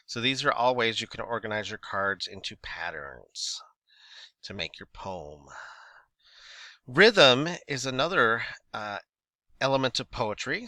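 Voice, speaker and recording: A man's voice: mid-range voice, sharp tone, dry recording. A man teaching a recorded lesson on writing poetry, explaining terms and reading example poems aloud in rhythm. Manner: checks understanding with quick questions.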